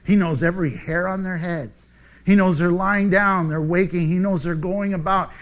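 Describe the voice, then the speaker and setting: Man, sermon, high-pitched, joking, animated Bible teaching. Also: moderate pace. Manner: animated, joking, acts out quotes. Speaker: preacher.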